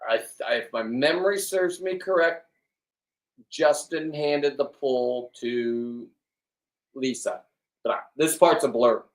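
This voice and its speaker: A man in his fifties, a fishing and diving vlogger, rambling in a crude, loud, joking monologue. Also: medium pitch, slow pace. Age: 50s. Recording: roomy, from a distance.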